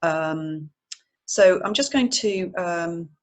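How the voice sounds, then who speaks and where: A woman's voice: on the low side, takes it slowly. A woman hosting an online webinar over a video call, chatty with many fillers. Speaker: webinar host.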